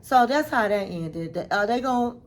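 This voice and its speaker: Host voice: a woman, casual and animated, acts out quotes, says "honey". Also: fairly high pitch, normal speed. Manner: animated, dramatic retelling with acted-out quotes; chatty, says "honey" and "girl". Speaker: recap vlogger. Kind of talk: casual reality-show recap.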